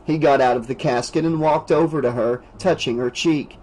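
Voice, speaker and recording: A man narrating a horror audiobook in a steady, dramatic reading style. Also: medium pitch, normal speed, few pauses, poor audio. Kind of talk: scripted narration.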